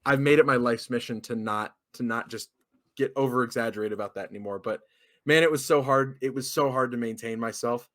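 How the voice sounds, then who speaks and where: A man's voice: mid-range voice, fairly quick. A young man on a casual podcast, telling a story with lots of swearing and acting out what people said. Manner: animated storyteller, swears a lot, acts out quotes. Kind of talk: casual chat.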